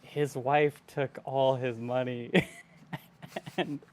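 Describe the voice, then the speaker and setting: A man's voice: mid-range voice, flat delivery, very slow, a little mellow. A man in his twenties playing a tabletop game, nervous and rambling. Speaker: player. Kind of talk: casual tabletop play.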